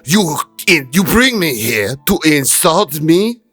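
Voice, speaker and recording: Male performer as a stiff, proud woman general, loud and commanding. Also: fairly high pitch, big pitch swings, slow, slightly rough, soft background music, pitched above the performer's own voice, exaggerated voice. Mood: outraged. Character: stern proud female military commander.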